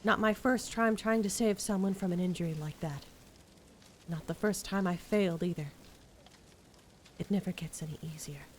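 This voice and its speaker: A woman's voice: on the low side, moderate pace, long pauses, a little hiss or hum. A woman streamer chatting casually and reading game dialogue aloud with a giggly, playful manner.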